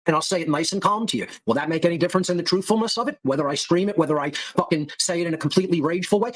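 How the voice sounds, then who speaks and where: A husky, slightly high-voiced man in the middle of a furious solo rant. He hammers the same insults again and again in a scornful, lecturing tone, like a host berating his own audience. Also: racing, few pauses, poor audio. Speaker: occult lecturer and show host. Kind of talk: angry monologue rant.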